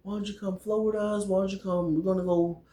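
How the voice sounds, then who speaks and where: A man voicing an eager, friendly young woman in a sing-song falsetto. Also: little pitch movement, brisk, mellow, natural voice. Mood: coaxing.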